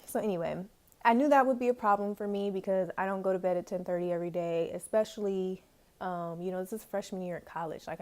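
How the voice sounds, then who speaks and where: A woman's voice: medium pitch, a little mellow. A woman in her twenties telling a casual story at home, chatty and filled with "like" and "um", into a camera's built-in mic. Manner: chatty, peppered with "like" and "um". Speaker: vlogger.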